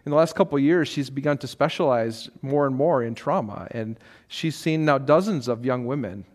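A middle-aged man preaching a sermon as pastor, talking conversationally with restarts and now and then acting out quoted voices. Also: normal speed. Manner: conversational preaching with frequent restarts and light laughs; acts out quoted voices with sharp rises in pitch. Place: church sanctuary.

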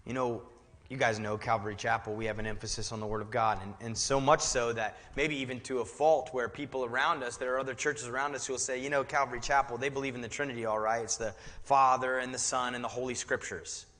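A man's voice: mid-range voice, fairly even intonation, quick pace, a bit bright. A male pastor preaching a sermon, shifting between easy conversational asides and fervent, emphatic exhortation. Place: church sanctuary. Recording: reverberant church hall.

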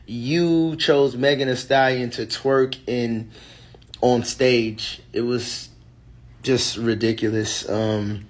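A man's voice: mid-range voice, steady tone, slow. A man co-hosting a casual reaction show, talking in a dismissive, conversational way. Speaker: co-host.

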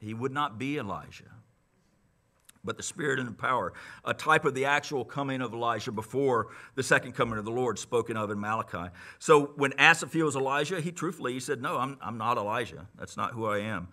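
A man's voice: mid-range voice, a little fast. A man preaching a sermon as pastor, teaching conversationally with lots of restarts and asides. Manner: conversational, animated Bible teaching with many restarts.

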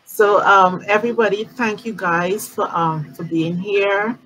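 A woman's voice: medium pitch, steady tone, a little slow, slight background noise, poor audio. A woman hosting a casual live-stream chat, chatty and full of fillers, heard over a video call. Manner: chatty, warm sign-offs with many fillers. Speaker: host.

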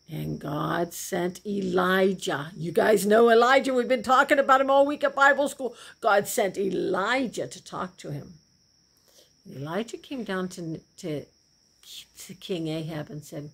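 Animated woman telling kids a Bible story. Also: medium pitch, measured pace, creaky, breathy edge. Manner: animated, asks the kids questions. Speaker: Sunday school teacher.

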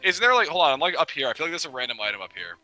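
Young male co-host, very bright tense voice, lively swooping pitch, chatty. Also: very fast, faint music behind, low-quality recording. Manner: laughing, chatty, teasing. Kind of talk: casual gaming commentary.

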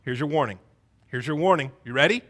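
A man's voice: a little high, a little fast. A man in his thirties preaching a sermon in a church, telling stories with energy and acting out the voices in them. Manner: animated storytelling, acts out voices. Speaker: pastor. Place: church sanctuary.

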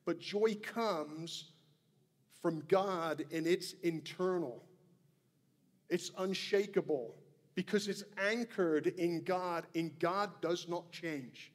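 A man preaching with real conviction, his voice sitting high for a man. He lands each point slowly and deliberately. His words hang in the long echo of a church hall. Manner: earnest, emphatic preaching with repeated phrases. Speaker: pastor. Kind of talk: sermon. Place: church sanctuary.

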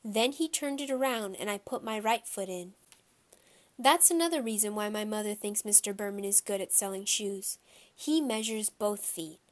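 A woman reading a children's novel aloud in a steady storytelling voice. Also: medium pitch, normal speed. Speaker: audiobook reader.

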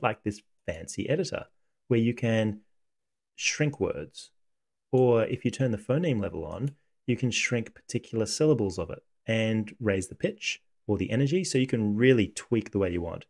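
A man hosting a casual coding tutorial, talking through software on screen in a relaxed, conversational way. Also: fairly low pitch, normal speed, vocal fry. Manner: relaxed, conversational, thinks aloud.

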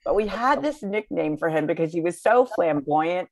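A woman guest in a casual chat, telling animated stories with a lot of laughter and some hesitant fillers. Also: fairly low pitch, moderate pace, no room sound.

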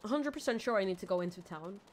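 A woman's voice: mid-range voice, animated, fast talker. Female game streamer, casual rambling commentary, self-mocking, faint background hiss. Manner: chatty, rambling, self-mocking, swings from mumbles to squeals. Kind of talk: casual let's-play commentary.

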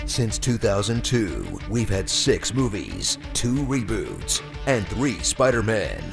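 A man narrating a mock movie trailer in a deadpan, sarcastic announcer voice. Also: on the low side, slow pace, creaky. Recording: narration over music.

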